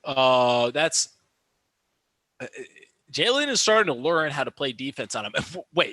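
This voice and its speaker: A man's voice: mid-range voice, no room sound. A young man doing casual live-stream basketball commentary, reacting and ranting about calls with lots of restarts and fillers. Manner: animated, quick to rant, lots of fillers and restarts. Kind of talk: excited play-by-play and reaction commentary.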